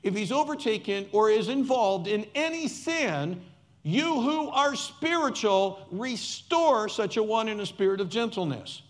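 A man's voice: sits high, lively intonation, unhurried. A man preaching a sermon as pastor, emphatic and repeating key words for stress, with playful asides.

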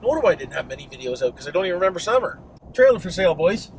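A man's voice: high-pitched, sing-song, racing. Profane Canadian man ranting in a car. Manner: profane, mock-worked-up, folksy. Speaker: vlogger. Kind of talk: casual driving vlog rant. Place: inside a moving car. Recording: noisy car interior.

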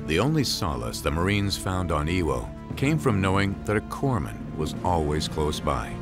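Very deep-voiced male documentary narrator. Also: big pitch swings. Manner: measured, solemn delivery. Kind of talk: scripted narration. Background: music.

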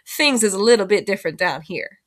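A woman's voice: mid-range voice, animated, fairly quick, natural voice. A woman voicing a tired rural mother of ten who speaks in a clipped, scolding way. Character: weary rural mother of ten, sharp-tongued.

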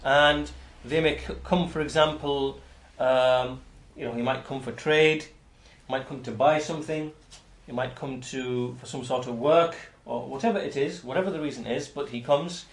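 A man giving an explanatory lecture on hadith as a religious teacher, talking in a halting way with frequent restarts and repeated words. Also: medium pitch. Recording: roomy echo.

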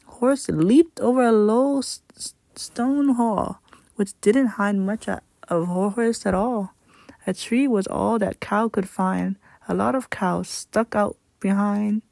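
Slow gravelly woman reading a storybook. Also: medium pitch, no echo, clean studio sound. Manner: slow, gentle storytime reading with livelier animal voices. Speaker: children's book reader. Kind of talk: read-aloud storytelling.

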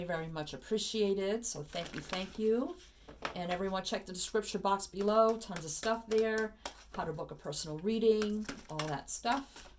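Woman tarot reader, relaxed chatty delivery, slight hiss behind her. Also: mid-range voice. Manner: chatty, filler-heavy, laughs easily. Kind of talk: casual tarot reading.

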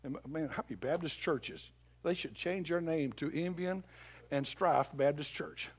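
High-voiced preacher, swinging loud and hushed. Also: male voice, a little slow, slightly rough. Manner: swings from hushed scripture reading to loud shouted exhortation. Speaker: pastor. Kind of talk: sermon. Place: church sanctuary.

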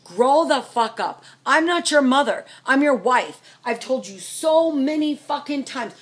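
A woman in middle age unloads her anger in a profanity-laced vlog rant. Her voice is husky and sits a little high. She lurches from loud outbursts to low, muttered fury. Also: lively intonation, moderate pace, few pauses. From United States. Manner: furious, profane, swings between shouting and low muttering. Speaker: vlogger, trucker's wife. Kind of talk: angry venting rant to camera.

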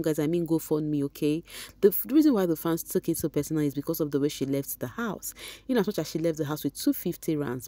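A woman's voice: low-pitched, dark tone, no room sound. Chatty woman vlogger. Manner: chatty, reads comments aloud, sprinkles Nigerian Pidgin. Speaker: vlogger reading fan comments. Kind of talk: casual commentary.

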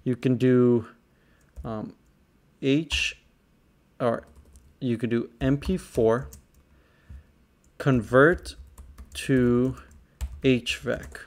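Young-sounding guy, mid pitch, casual tutorial host, talks straight to viewers, slightly exasperated. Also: drawn-out words, pauses often. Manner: frustrated, rambling, talks to viewers directly. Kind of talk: casual screen-recorded tutorial.

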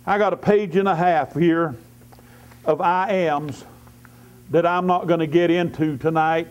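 A man's voice: on the high side, steady tone, unhurried. A man preaching an evening church sermon as a lay preacher, fervently repeating declarations and breaking in with hallelujahs. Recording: dull lo-fi church service recording.

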